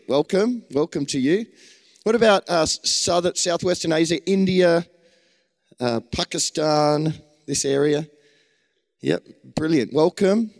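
A man's voice: a little high, long reverb tail. An Australian man preaching a sermon, calling out to a gathered congregation with enthusiasm. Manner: enthusiastic, calls out to the crowd.

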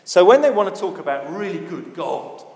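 Male preacher, slightly high voice, emphatic sermon delivery, echoing hall. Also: sing-song, moderate pace. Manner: emphatic, dramatic swings in loudness and pace.

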